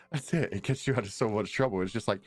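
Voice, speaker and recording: A man's voice: on the low side, dry recording. A man with a British accent, chatting casually as a stream guest, dry and joking, laughing often.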